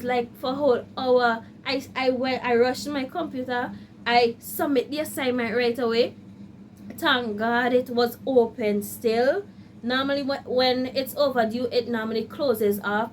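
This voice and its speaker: A woman with a high, bright-pitched voice chats animatedly to her viewers. She tells a story from her studies in a casual vlog manner and slips into acted-out quotes of her own panic. Her talk is direct and personal, with a faint hum of ambience behind her. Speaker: law student vlogger.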